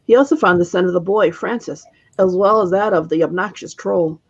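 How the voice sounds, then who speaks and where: A woman author reading her own fantasy story aloud in a steady narrating voice. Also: on the low side, a little fast, husky, lo-fi sound.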